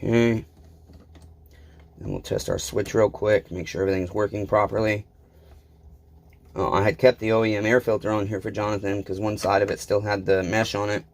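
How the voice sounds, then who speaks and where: A man's voice: on the low side, flat delivery, moderate pace, long pauses. A man talking casually to his viewers while he repairs a chainsaw, blunt and self-deprecating, with rambling asides. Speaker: small engine repair vlogger.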